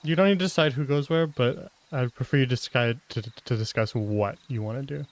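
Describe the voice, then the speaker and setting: Brisk low-voiced woman game master. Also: dry recording. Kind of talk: giving instructions to players.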